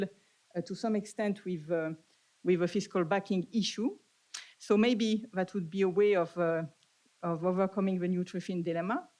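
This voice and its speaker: Woman with a French accent, conference speaker, halting delivery, lots of fillers. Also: medium pitch, darkish tone, rough recording. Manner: halting, with frequent "uh" fillers and restarts. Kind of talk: academic conference talk.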